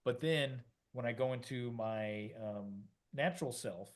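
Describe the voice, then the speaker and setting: A middle-aged man talks through ideas in a loose, rambling way, full of fillers and restarts. He slips into little acted-out voices to make his points. His voice sits at an ordinary middle pitch. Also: unhurried. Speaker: podcast co-host. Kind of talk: casual conversational explanation.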